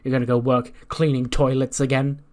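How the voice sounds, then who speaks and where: A man voicing a sneering, arrogant veteran male wrestling villain who taunts and mocks his opponents in a loud voice. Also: medium pitch, little pitch movement, brisk, natural voice. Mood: taunting.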